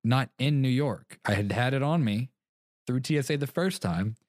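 A man's voice: medium pitch, moderate pace, darkish tone, dry recording, studio quality. A young man co-hosting a podcast, rambling through stories, acting out both sides of conversations and laughing often. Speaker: podcast co-host. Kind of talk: casual chat.

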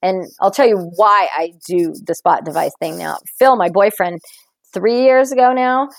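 Woman guest, lively storyteller, laughs a lot, dry close sound. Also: mid-range voice, normal speed, vocal fry, dry recording, poor audio. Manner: animated storyteller, laughs often. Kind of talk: casual conversation.

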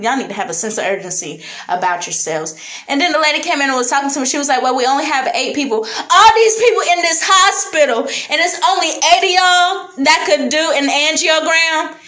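A woman on a podcast telling a personal story in a blunt, animated, casual way, with Southern US slang. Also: high voice, poor audio. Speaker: podcast guest.

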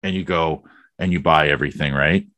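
A man's voice: very deep voice, steady tone, fairly quick, sharp tone, dry recording. A man hosting a podcast, chatting casually and rambling with many fillers. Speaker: podcast host. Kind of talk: casual conversation.

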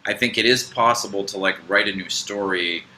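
A man's voice: fairly low pitch, a little fast, a crowd in the background, rough recording. A man co-hosting a spiritual podcast, talking in a rambling, hesitant way with many fillers and restarts. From United States. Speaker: podcast co-host. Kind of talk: casual spiritual podcast chat.

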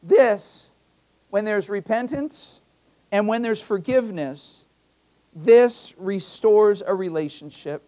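A male pastor with a high-sitting, dark-toned voice preaches slowly in church. His sermon is conversational, built on personal anecdotes, with key phrases repeated for emphasis.

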